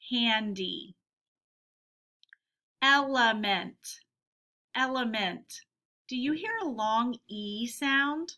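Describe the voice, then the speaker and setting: A woman teacher giving a phonics lesson to young children, saying each word slowly and clearly twice. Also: fairly high pitch, sharp tone. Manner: slow, clear word-by-word dictation.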